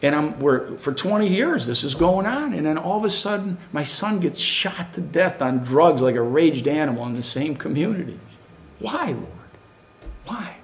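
Barely pausing, a middle-aged preacher moves at a moderate pace through an earnest, animated sermon. His pitch swings up and down vividly as he keeps asking the congregation rhetorical questions.

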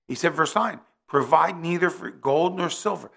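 A man's voice: a little high, moderate pace, creaky, a bit bright. A middle-aged man from New Jersey preaching a sermon in a conversational way, weaving in personal stories.

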